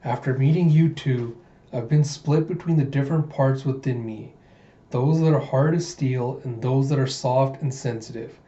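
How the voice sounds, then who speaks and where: A blunt young cyborg warrior woman, read out by a man in his everyday voice. The tone is mellow and the recording sounds muffled and roomy, like a home setup. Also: mid-range voice, moderate pace, lightly acted. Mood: reflective. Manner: plain reading voice, barely changed.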